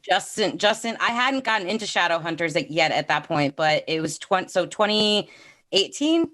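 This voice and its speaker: A woman with a New York accent hosting a casual live chat, telling stories in an animated, rambling way. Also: on the low side, moderate pace. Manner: animated storytelling, rambling asides.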